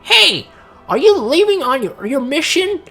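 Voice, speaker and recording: A man putting on a high, prying young girl mage. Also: sing-song, a little slow, vocal fry, pushed and bright, soft background music, heavily acted. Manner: high-pitched, probing.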